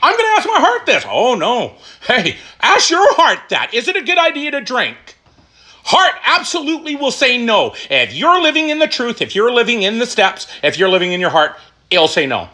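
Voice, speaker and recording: A middle-aged man telling his recovery story, emphatic and animated, asking questions and answering them himself. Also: very high voice, moderate pace. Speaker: recovery speaker. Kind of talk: personal testimony talk.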